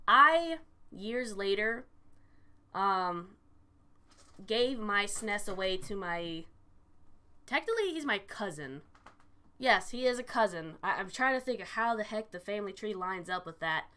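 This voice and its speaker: A woman's voice: mid-range voice, pushed and bright. A young adult woman chatting casually on a live stream, telling stories animatedly, swearing freely and answering chat.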